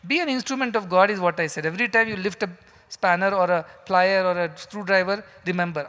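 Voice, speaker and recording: A man's voice: sits high, a little fast, pushed and bright. A man giving a sermon as a spiritual teacher in a large hall, emphatic and full of rhetorical questions. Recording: long hall reverb.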